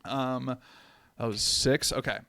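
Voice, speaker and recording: A man's voice: medium pitch, fairly even intonation, slow pace, vocal fry, sharp tone, no room sound, clean studio sound. Laid-back male podcast co-host. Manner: laid-back, swears casually, repeats words. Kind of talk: casual chat.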